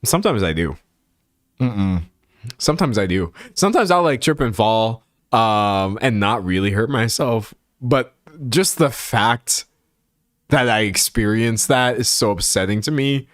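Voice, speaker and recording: A young man streaming, chatting casually and reading out chat, often laughing and slipping into high voices. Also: a little slow, dry recording, clean studio sound. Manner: animated, laughing, slangy, jumps into high voices.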